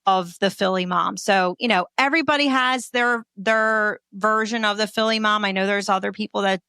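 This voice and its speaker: A woman with a Philadelphia accent chatting candidly as a comedian guest, telling stories with lively, salty humor. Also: mid-range voice, moderate pace, clear, resonant tone, no echo, clean studio sound. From Port Richmond, Philadelphia. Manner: candid, profane, lively storyteller. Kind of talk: casual interview chat.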